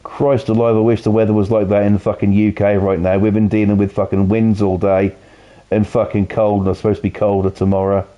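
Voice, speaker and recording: A man's voice: on the low side, little pitch movement, a little fast. A British man streaming a game, chatting casually in a rambling way, swearing heavily and filling with "you know". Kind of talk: casual stream chat while playing. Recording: dull lo-fi audio.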